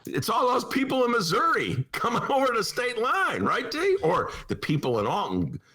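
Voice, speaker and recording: A man's voice: extremely high pitch, normal speed. A man hosting a talk podcast, chatting casually and joking, often slipping into voices. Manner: animated, jokey, slips into voices and impressions. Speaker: podcast host. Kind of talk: casual talk-show banter.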